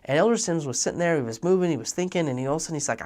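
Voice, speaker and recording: A young man telling a personal story in a talk, animated and acting out the dialogue of the people in it. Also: fairly high pitch, very fast, few pauses. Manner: animated, acts out quoted dialogue. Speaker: speaker.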